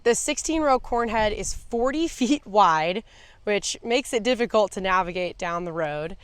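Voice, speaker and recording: A woman's voice: mid-range voice, animated, unhurried. A woman, a farmer and vlogger, explaining harvest equipment in an upbeat, amused way, recorded outdoors on a farm. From USA. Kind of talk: casual vlog narration. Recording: outdoor recording with clear machinery noise. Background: vehicle and machinery noise.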